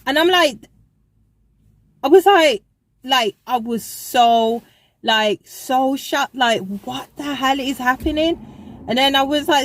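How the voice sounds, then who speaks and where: A woman's voice: high voice, slow pace, long pauses, slight background noise, poor audio. A young woman telling a casual storytime in a chatty, rambling way, full of fillers. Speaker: vlogger.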